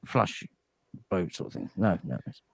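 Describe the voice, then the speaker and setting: An English man on a podcast, rambling through crude banter with lots of halting restarts. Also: low-pitched, expressive, gravelly. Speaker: podcast guest.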